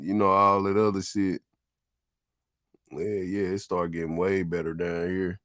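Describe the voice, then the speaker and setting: Middle aged guy w a lowish voice, cussing a lot, easygoing street talk, dry close sound. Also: gravelly, no echo. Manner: profane, laid-back street talk with frequent laughs. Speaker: vlogger. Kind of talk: casual reminiscing tour of old neighborhood.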